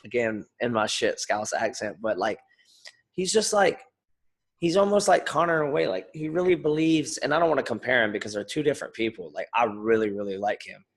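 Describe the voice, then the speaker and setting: A man co-hosting a casual podcast, talking in an animated, rambling way and swearing freely. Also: medium pitch, fairly quick. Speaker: podcast co-host, fighter. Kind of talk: casual chat.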